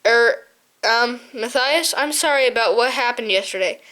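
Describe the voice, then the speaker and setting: A woman's voice: a little high, normal speed, pushed and bright. A woman reading an audiobook, voicing a blunt, loyal male shrew chieftain who speaks plainly and a little hesitantly. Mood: apologetic.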